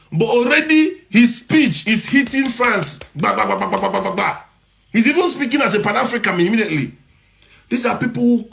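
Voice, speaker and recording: A man's voice: high-pitched, fairly bright tone. A man with a Nigerian accent giving impassioned commentary, repeating his points and firing rhetorical questions. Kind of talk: impassioned social media commentary.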